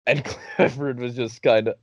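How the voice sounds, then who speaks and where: A young man hosts a podcast and tells a long story in a loose, animated way, laughing and swearing as he acts out his friends. His voice sits at an ordinary male pitch. It comes through a dull, lo-fi recording with almost no room sound. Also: normal speed, no echo. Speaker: podcast host. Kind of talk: casual storytelling.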